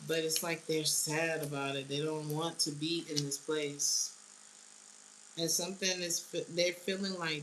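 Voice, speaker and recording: A woman's voice: sits low, steady tone, unhurried, background noise. A woman giving a casual tarot reading, blunt and slangy, often laughing. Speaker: tarot reader.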